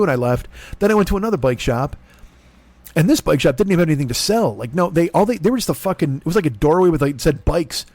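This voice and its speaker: A man hosting a comedy podcast, telling a rambling, self-deprecating story full of swearing and quick voices for the people in it. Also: on the high side, animated, darkish tone, no echo. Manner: profane, self-deprecating, jumps into voices of others in his stories.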